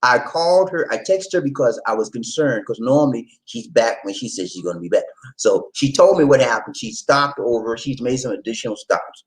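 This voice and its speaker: A woman hosting a casual chat, telling a story in an animated way with laughter. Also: a bass voice, a little fast, rough recording. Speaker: host.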